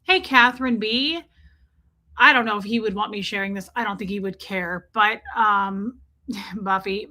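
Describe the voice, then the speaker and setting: A woman's voice: a little high, sharp tone. A woman hosting a casual livestream, chatting and rambling while greeting viewers by name. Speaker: livestream host.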